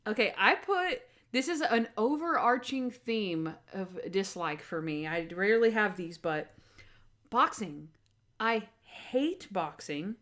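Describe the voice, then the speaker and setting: A young woman co-hosting a podcast in casual chat, animated and acting out scenes in quoted voices. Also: medium pitch, slow. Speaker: podcast co-host.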